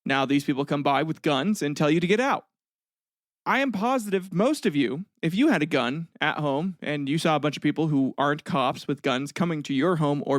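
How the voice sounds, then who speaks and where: A male podcast host narrating history in a loose, joking way that turns blunt and profane. His voice sits a bit high for a man. It sounds close-miked and dry, with no room around it. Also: no echo. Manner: jokey and blunt, swears freely; frequent fillers and throat clearing.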